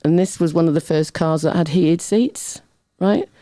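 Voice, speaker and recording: A middle-aged woman, a guest on an interview show, telling lively, self-deprecating anecdotes in casual chat, often breaking into laughter. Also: low voice, normal speed, no room sound. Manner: chatty, animated anecdotes with laughter.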